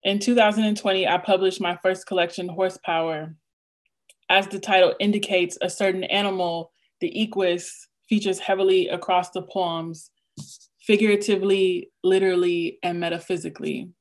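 A woman poet giving a craft talk over a video call, reading a prepared lecture in a measured, rhythmic cadence and sounding a little nervous. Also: on the low side, fairly even intonation.

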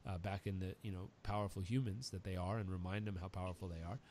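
A man's voice: low-pitched, quick pace, a little hiss or hum. A man hosting an interview podcast, talking in an earnest, emotional way and telling stories with feeling. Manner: emotional, earnest, animated storyteller. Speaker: podcast host. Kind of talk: warm conversational interview.

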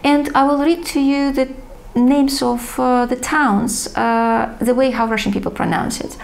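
A woman's voice: high-pitched, fairly even intonation, a little slow, creaky. A woman teaching a recorded language lesson, speaking in careful, slightly non-native English and patiently reading word lists aloud.

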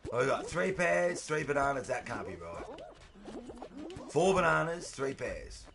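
A man livestreaming a game, chatting with viewers, greeting them by name, and shouting when excited. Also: medium pitch, measured pace, vocal fry. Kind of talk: casual gaming stream commentary.

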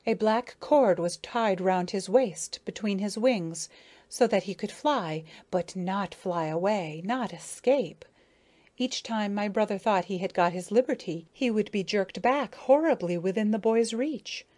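A woman voicing a grieving, self-important female dragonfly who tells her tale slowly, mournfully and dramatically. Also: mid-range voice, darkish tone, natural voice. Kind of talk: audiobook character reading.

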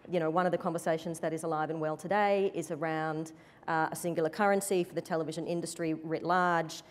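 A woman executive speaking on a conference panel, in a measured, careful corporate manner. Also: low voice, steady tone. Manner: measured, corporate, careful to avoid direct answers. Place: conference stage before an audience. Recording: reverberant conference hall.

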